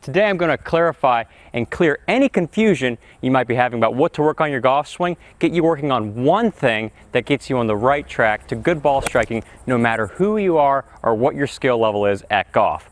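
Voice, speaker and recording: A man teaching golf outdoors on a practice area, talking to camera with excitable, exclamatory enthusiasm. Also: mid-range voice, a little fast, hardly any pauses. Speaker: golf instructor. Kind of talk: energetic golf lesson to camera.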